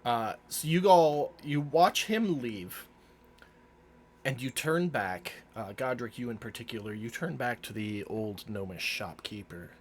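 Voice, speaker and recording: A man narrating a tabletop game as game master, with lively narration and frequent laughs. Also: mid-range voice, measured pace, a little hiss or hum.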